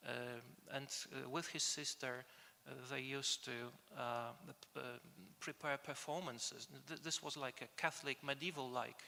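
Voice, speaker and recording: A man delivers an academic conference lecture, his voice gravelly and bright-edged. He speaks hesitantly, filling pauses and restarting phrases. The sound rings with the long reverb of a conference hall. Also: medium pitch, steady tone. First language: Polish.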